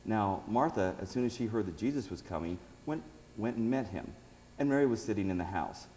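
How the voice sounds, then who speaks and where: Low, mellow man reading scripture aloud. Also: expressive, fairly quick, big-room sound, slight background noise, rough recording. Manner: reads aloud, breaks off for asides. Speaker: Bible teacher.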